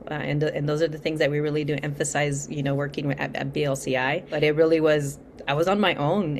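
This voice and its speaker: A middle-aged woman, an interview guest from Central California, speaking reflectively with frequent restarts and soft laughs. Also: sits low, gravelly, slight background noise. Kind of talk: interview conversation.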